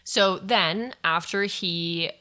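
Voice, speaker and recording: Young woman guest, blunt storytelling with lots of swearing, bright forceful voice. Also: fairly low pitch, drawn-out words. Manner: frank, swears freely. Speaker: guest sharing her story. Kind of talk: candid personal storytelling.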